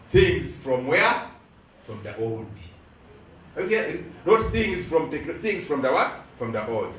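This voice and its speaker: Man, Ugandan English accent, middle-aged, emphatic preaching, call-and-response, slightly high voice, echoey hall, faint room noise. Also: sing-song, a little slow, a bit bright, far from the mic. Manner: emphatic, asks the crowd to finish his lines. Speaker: guest speaker, lecturer.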